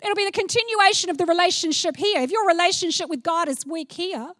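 In a clean studio recording with no echo, a middle-aged woman preaches a sermon in a very high voice, talking fast. She's animated and playful, acting out little scenes along the way.

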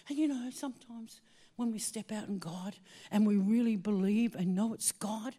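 A woman preaching a sermon, telling a personal story with animated swings between hushed asides and excited exclaiming. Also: on the high side, normal speed.

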